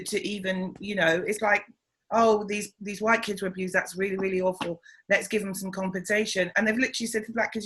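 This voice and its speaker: A middle-aged woman, a comedian being interviewed, shares stories about her family in a casual, animated manner and performs the voices of those she quotes. Her medium-pitched voice has a breathy edge, and the recording is low quality.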